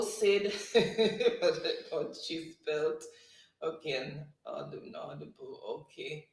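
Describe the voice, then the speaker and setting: Livestream host, woman, slow and unhurried, reads chat and calls spelling words in an echoey room. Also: low-pitched. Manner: warm thanks, slow word-by-word calling of spelling words. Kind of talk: reading live chat and hosting a spelling game. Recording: roomy echo.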